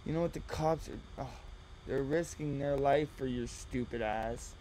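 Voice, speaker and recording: A man's voice: medium pitch, moderate pace, mellow, a little hiss or hum, poor audio. A man giving mocking reaction commentary, sarcastic and exasperated.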